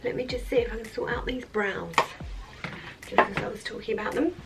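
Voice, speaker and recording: A woman vlogger chatting in a rambling way through a makeup tutorial at her office, sometimes dropping to soft murmurs. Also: on the high side, a little fast. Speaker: beauty vlogger. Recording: mic at a distance, faint background music.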